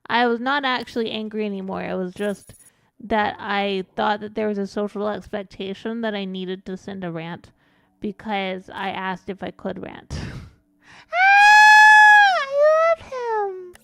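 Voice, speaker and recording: A woman's voice: medium pitch, fairly even intonation, moderate pace, creaky, smooth, dry recording. A woman streaming a game and chatting casually, rambling along with frequent giggles and calling herself by her own nickname. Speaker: VTuber streamer.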